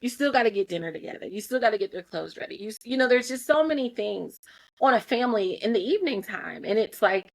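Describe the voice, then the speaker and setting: Speaking quickly in a fairly high, gravelly voice, a woman in her thirties reflects on motherhood with earnest honesty. She's self-critical and animated, often restarting her sentences.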